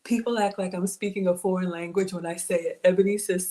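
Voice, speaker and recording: A woman's voice: lowish voice, fairly even intonation, fairly quick, dark tone. A woman hosting a casual cooking livestream, chatty and bubbly, laughing often as she reads viewer comments aloud. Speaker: home cook livestream host.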